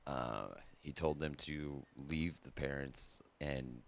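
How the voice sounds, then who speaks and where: A man's voice: very deep voice, fairly even intonation, takes it slowly. A man in a church Bible class, talking hesitantly with many fillers. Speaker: class member. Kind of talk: casual class discussion.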